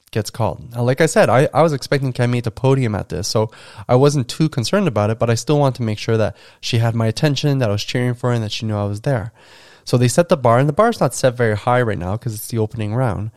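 A man's voice: medium pitch, a little mellow, no echo, clean studio sound. A man hosting a podcast, telling a story from his coaching days in a casual, conversational way with lots of fillers. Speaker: podcast host and school coach.

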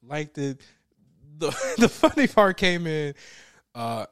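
A man co-hosting a casual chat, telling stories with loud laughing outbursts and mimicked voices. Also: fairly high pitch, very animated, takes it slowly. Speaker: podcast co-host.

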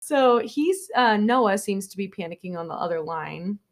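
A woman's voice: medium pitch, animated, moderate pace. A young woman co-hosts a podcast and walks through a film's plot in loose, chatty storytelling. She leans heavily on filler words and keeps the recap rambling along. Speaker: podcast co-host. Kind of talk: casual movie recap chat.

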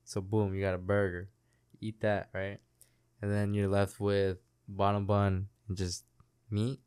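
A young man co-hosts a podcast in casual chat. His voice sits a little low. He swears freely and keeps the banter loose. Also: completely flat delivery, unhurried, darkish tone, smooth. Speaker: podcast co-host.

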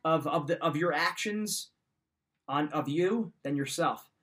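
A man's voice: on the high side, measured pace, fairly bright tone. Emphatic man giving motivational advice. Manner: emphatic, repeats points, direct advice. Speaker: podcast host. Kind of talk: motivational talk.

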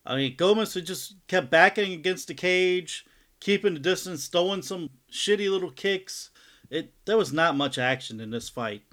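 A man's voice: high-pitched, animated, normal speed, a bit bright. A man co-hosting a fight podcast, recapping bouts in a laid-back, loosely phrased way with frequent laughs. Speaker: podcast co-host. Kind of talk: casual sports chat.

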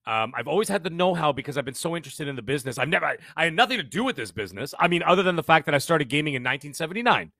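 Canadian man in his fifties, quick energetic guest, slightly high voice, dry close sound. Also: no room sound. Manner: fast, energetic storytelling with frequent restarts. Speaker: podcaster guest. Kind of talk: casual interview chat.

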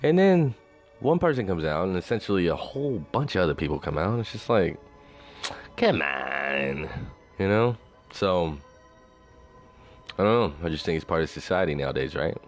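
Very deep voiced guy rambling on, swears a ton, says you know constantly, faint music under it. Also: very animated, brisk. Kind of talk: casual monologue.

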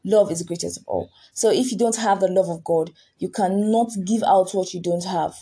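A woman's voice: lowish voice, normal speed, mellow, husky. A woman preaching a sermon, earnest, often repeating words and asking rhetorical questions.

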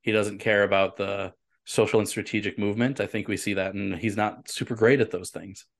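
A man with a fairly low voice co-hosts a casual podcast. He sounds relaxed and opinionated, and he agrees readily with his partner. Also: brisk, creaky. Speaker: podcast co-host. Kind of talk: casual chat.

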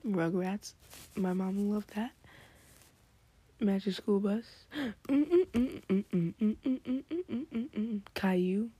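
Breathy excitable woman, half-whispering late at night. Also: medium pitch, slow, pauses often, no echo. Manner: excitable, mostly hushed whispering. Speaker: podcast host. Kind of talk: late-night rambling chat.

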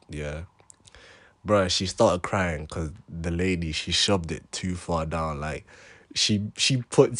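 Young man, slangy, animated, laughing storyteller. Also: on the low side. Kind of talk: casual storytelling to camera.

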